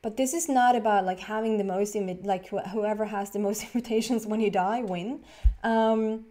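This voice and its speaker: Mellow-voiced woman in her thirties, tarot reader, rambling and giggly storyteller. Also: mid-range voice, fairly even intonation, moderate pace. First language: Swedish. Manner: rambling and giggly, many fillers and restarts. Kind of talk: casual storytelling to camera.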